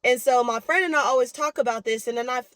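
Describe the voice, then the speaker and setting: A woman's voice: on the high side, fast, a bit bright, no room sound, rough recording. A young woman vlogger talking candidly to her viewers in a chatty, casual way. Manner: chatty, candid, addresses viewers as y'all and baby. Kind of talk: casual talk to camera.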